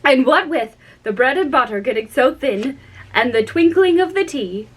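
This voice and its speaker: A woman's voice: high-pitched, expressive, moderate pace, voice pushed up, low-quality recording. Woman doing a trembling, pleading Hatter. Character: nervous trembling timid male hatter. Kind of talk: storybook read-aloud.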